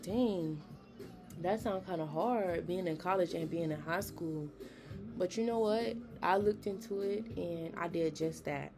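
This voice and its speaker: A young woman hosting a podcast, chatty and emphatic, giving casual motivational talk with slangy asides. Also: lowish voice. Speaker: podcast host.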